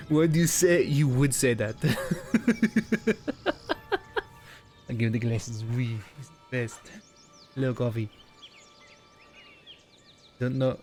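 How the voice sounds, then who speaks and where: A man's voice: mid-range voice, animated, takes it slowly, long pauses, a little mellow, soft background music. Joking young man streaming a game. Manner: joking, sarcastic, breaks into silly voices. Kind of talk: casual live-stream commentary.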